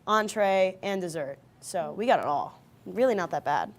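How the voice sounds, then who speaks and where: A woman's voice: fairly low pitch, animated, moderate pace. A woman co-hosting a casual podcast, enthusiastic and agreeable. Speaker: podcast co-host. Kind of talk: casual chat.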